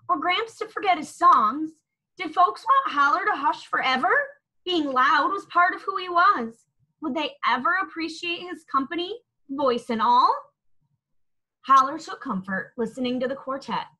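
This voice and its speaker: Bright, lively woman reading a storybook. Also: high-pitched, poor audio. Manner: expressive, lilting storytelling. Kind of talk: children's picture book read-aloud.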